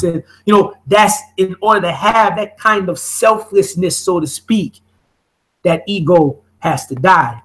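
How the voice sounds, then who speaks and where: A man's voice: on the high side, rough recording. A man leading a study group on internet radio, explaining by restating phrases and often asking "okay?".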